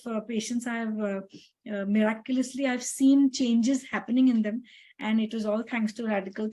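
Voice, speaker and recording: Chatty woman doctor, warm mellow voice. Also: fairly high pitch, rough recording. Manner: chatty, many fillers and quoted dialogue. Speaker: dermatologist. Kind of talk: casual storytelling about patients.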